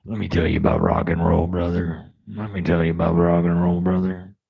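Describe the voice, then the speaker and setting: A man putting on the voice of a gravelly old male rock singer, growling in a drawn-out sing-song chant. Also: sits low, little pitch movement, big-room sound, phone-quality sound, pitched below the performer's own voice. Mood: growling swagger. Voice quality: gravelly, husky.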